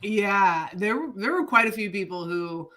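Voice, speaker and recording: Woman podcast co-host, bright tone, loose and playful banter. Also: medium pitch, unhurried. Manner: chatty and playful, laughs easily. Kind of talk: casual chat.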